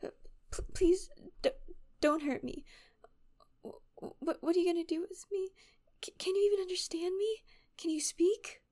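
A young woman in a whispered role-play, talking in a breathy, teasing and dominant way that later turns to panicked stammering. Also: very high voice, moderate pace, mellow. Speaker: audio role-play performer.

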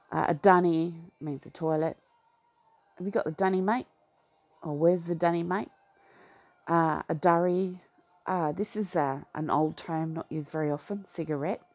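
A woman from Western Australia with an Australian accent, casually reading through a slang list and adding low-key asides and comments. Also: creaky. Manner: low-key, drops into soft asides, laughs at her own remarks. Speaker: vlogger.

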